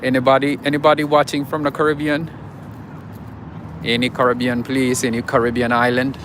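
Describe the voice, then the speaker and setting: Street traffic is audible behind a man running a casual outdoor livestream on a city street. Speaking fairly quickly in a mid-range, level voice, he chats with viewers and welcomes them by name.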